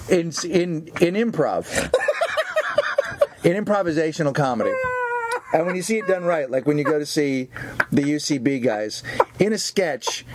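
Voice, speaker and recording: A man's voice: fairly high pitch, lively intonation, heavy background noise. A man hosting a casual comedy chat, rambling and correcting himself as he goes. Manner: rambling, self-correcting, quick to laugh.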